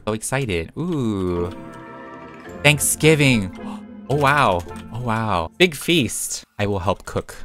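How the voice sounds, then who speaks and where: A gaming YouTuber, a young man with a slightly bright voice on the low side, chats playfully to himself as he plays and giggles frequently.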